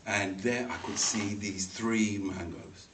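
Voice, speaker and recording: Guy doing a funny story speech, lively, picked up from across an echoey room. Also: fairly low pitch, slow. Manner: animated, acts out voices in the story, laughs along. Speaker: speaker at a speaking club. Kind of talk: humorous personal storytelling speech. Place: meeting room. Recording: echoey room, mic far off, faint noise.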